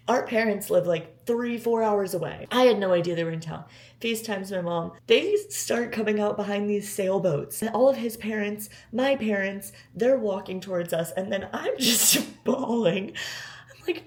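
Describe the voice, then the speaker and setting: A woman's voice: medium pitch, a little mellow. A woman in her twenties tells a personal story in a vlog, emotional and near tears, with many filler words. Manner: emotional, gushing, close to tears. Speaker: vlogger.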